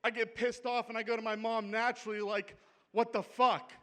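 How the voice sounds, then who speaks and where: A man's voice: sits high, level tone, fast, a bit bright. A man with a Pittsburgh accent doing a brash, profane, conversational stand-up set on a comedy club stage. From Pittsburgh, USA.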